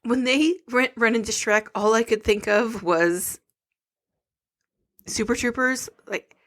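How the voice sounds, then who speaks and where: A woman's voice: fairly high pitch, fairly bright tone. A woman co-hosting a podcast, chatting casually and teasing her co-host about a movie. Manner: teasing, quick to argue. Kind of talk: casual chat recapping a movie.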